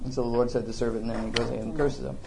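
A middle-aged woman teaching a Bible study to a small group, animated and acting out the voices of the scripture. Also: rumbling low, rapid-fire, creaky. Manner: animated, acts out the scripture voices, laughs along.

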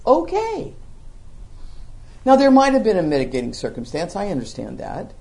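A middle-aged woman teaching a Bible study to a small group, animated and acting out the voices of the scripture. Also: medium pitch, normal speed, gravelly. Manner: animated, acts out the scripture voices, laughs along.

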